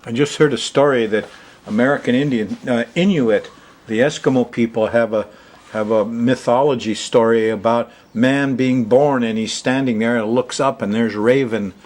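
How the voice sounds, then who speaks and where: A male astrology host talks straight to the viewer in a loose, chatty monologue. His voice sits at an ordinary middle pitch. He chuckles often and wanders off into side remarks. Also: steady tone, normal speed, a little mellow. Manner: chuckling, chatty, rambling asides. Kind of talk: casual monologue to camera. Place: Hawaii.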